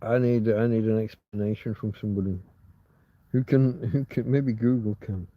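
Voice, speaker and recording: Through slightly dull, lo-fi stream audio with no echo, a man from England speaks in a lowish, fairly even voice at a moderate pace. Hosting a rambling live chat, he reads comments aloud and muses to himself, cutting himself off and easily puzzled.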